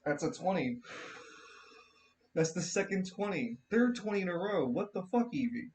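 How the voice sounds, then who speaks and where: A man narrating as game master in a tabletop role-playing game, casual, quick to swear and restart his sentences. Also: high voice, sing-song, darkish tone.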